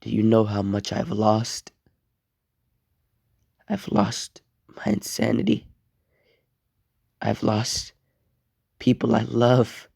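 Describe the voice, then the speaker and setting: A man voicing a vengeful teenage boy hero gone dark, speaking in a cold, threatening way in a fan story. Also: medium pitch, vocal fry, no room sound, studio quality. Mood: bitter.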